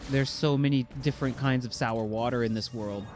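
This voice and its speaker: A man casually commentating his game playthrough, jokey and excitable, reading item scans aloud. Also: medium pitch, fairly quick, music in the background. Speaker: game streamer. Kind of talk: casual let's-play commentary.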